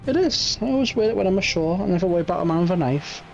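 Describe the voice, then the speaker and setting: A man's voice: high-pitched, animated, very fast, creaky, pitched above the performer's own voice. A man voicing a seasoned old sailor in a game reading, telling his tale matter-of-factly. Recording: muffled stream audio, faint music.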